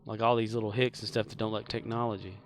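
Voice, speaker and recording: Talking fast in a fairly low, flat voice, a man rambles through casual live-stream chat while gaming, stuffing in fillers and laughing at his own jokes. A little hiss or hum can be heard.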